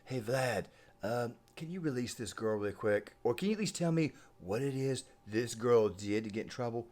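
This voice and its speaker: A man's voice: medium pitch, lively intonation, normal speed, a little mellow, close to an everyday voice. A man imitating a male president who casually asks a favor over the phone.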